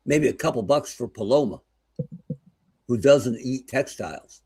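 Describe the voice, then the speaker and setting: A man co-hosting a podcast in casual chat, laughing often and breaking into loud impressions while telling stories. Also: mid-range voice, expressive, unhurried, slightly rough. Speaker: podcast co-host.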